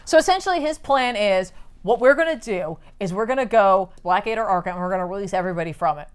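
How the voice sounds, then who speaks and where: A woman's voice: mid-range voice, animated, fast, clear, resonant tone. A woman casually recapping a comic book for friends, playfully acting out the characters' lines as she goes. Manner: playful, acts out characters in quoted voices. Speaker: podcast host recapping a comic. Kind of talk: casual comedic chat.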